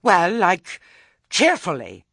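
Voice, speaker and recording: A man voicing a flustered rustic farmer who talks loudly and indignantly in an audiobook reading. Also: high-pitched, wildly swooping pitch, slow pace, gravelly, slightly rough, no room sound, studio quality, voice pushed up, heavily acted. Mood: agitated. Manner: loud, agitated and indignant.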